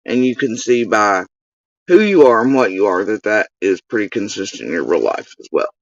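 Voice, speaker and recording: A man with a lowish, animated voice speaks at normal speed, hosting his own channel with an angry, profane direct-to-camera rant. He fires accusations and insults at one person, and the dull, lo-fi recording is dry with no room sound.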